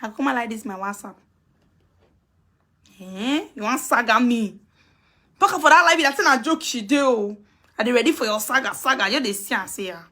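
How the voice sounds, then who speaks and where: A woman's voice: on the high side, bright, forceful tone. Taunting woman in Nigerian Pidgin. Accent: Nigerian Pidgin English. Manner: scolding, taunting, repeats herself. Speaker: live video streamer. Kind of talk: heated live video rant.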